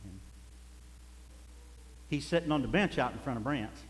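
A man's voice: medium pitch, animated, moderate pace. A man preaching a sermon, telling folksy stories and chuckling as he goes. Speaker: pastor. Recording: echoey hall.

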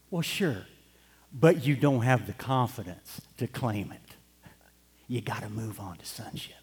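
A man's voice: medium pitch, animated, measured pace, breathy edge. A middle-aged man preaching a sermon, telling a personal story in an earnest way and building to fervent urging. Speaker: pastor. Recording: long hall reverb.

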